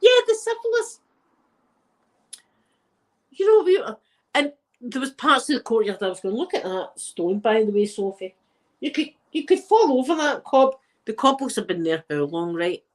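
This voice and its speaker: Glaswegian woman, middle-aged, rambling casual chat, fairly high voice. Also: sing-song, normal speed, pauses often. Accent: Glaswegian Scottish. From Scotland. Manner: chatty, rambling, laughs often. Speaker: channel host.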